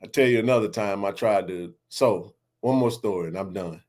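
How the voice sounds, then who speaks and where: This forties-aged sports podcast host has a lowish voice and speaks at normal speed. He's a laughing, animated storyteller, sprinkling slang through casual tales of his neighborhood.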